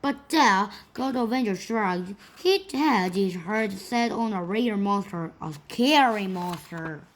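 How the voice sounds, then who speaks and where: A woman reading a children's storybook aloud in a slow, careful way. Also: medium pitch, expressive. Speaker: storybook reader.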